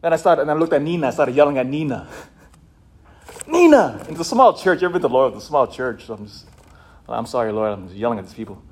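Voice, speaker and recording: Husky priest preaching with fiery swings. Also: male voice, medium pitch, racing. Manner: passionate preaching, swinging from shouting to hushed. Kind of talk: sermon.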